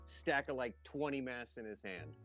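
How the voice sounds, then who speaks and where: A man's voice: medium pitch, expressive, normal speed, a bit bright, recorded from a distance, faint music behind. A blunt, profane man chatting casually and mocking others, his voice rising sharply when he gets exasperated. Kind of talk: casual chat.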